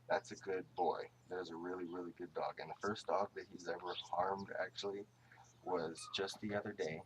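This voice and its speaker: A man giving a casual, rambling tribute to his dog. He speaks to the dog directly and fondly, in halting phrases full of restarts. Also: sits low, steady tone, slight background noise.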